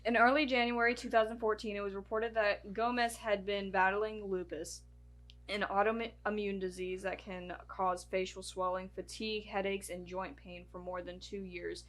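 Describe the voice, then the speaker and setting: A woman co-hosts a relaxed podcast, reading facts off her notes between bits of chat. She stumbles over names and dates and restarts lines often. Her pitch sits in an ordinary middle range. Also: normal speed. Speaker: podcast co-host.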